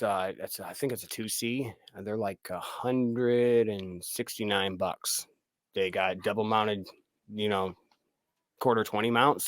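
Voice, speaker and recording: A man's voice: on the low side, sharp tone, no echo. A man, a film director guest, chatting casually on a podcast, swearing freely and acting out his own reactions.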